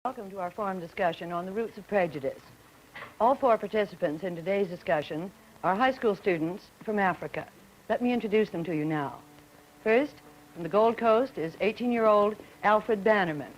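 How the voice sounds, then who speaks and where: A woman moderating a 1950s broadcast student panel, asking poised, brisk questions and introducing guests. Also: mid-range voice, animated, a little hiss or hum, rough recording.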